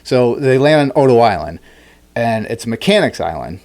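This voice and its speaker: A man hosting a podcast, telling a story in a rambling, animated way, with many restarts and fillers. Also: mid-range voice, normal speed. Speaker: podcast host. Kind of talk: casual chat.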